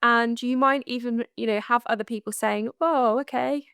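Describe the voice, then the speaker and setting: A woman's voice: a little high, steady tone, normal speed, creaky, a bit bright, clear, resonant tone, no echo, clean studio sound. A woman hosting a solo spiritual coaching podcast, chatty and laughing often, with frequent asides. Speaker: podcast host.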